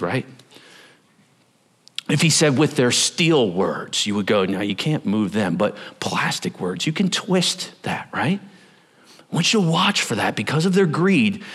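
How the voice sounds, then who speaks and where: Lively, animated male pastor preaching. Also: mid-range voice, breathy edge. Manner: animated, lively storytelling with acted-out voices. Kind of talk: sermon.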